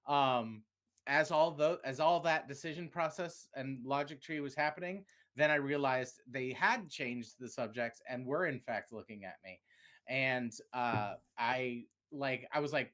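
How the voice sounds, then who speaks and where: A man's voice: medium pitch, moderate pace, a bit bright. A man with a Southern US accent, co-hosting a podcast in casual chat, rambling, breaking off mid-sentence and laughing often. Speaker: podcast co-host.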